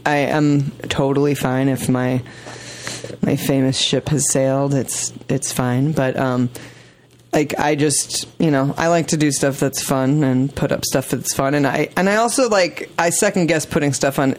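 A man chatting as a podcast guest at an ordinary, middle pitch for a man. He talks in a loose, rambling way, with a lot of "like" and "you know" and thoughts that trail off. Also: steady tone, unhurried. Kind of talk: casual chat.

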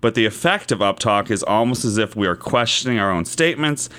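Male podcast co-host, lowish voice, conversational, reads notes out steadily. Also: animated, brisk, bright, forceful tone. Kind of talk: casual podcast chat.

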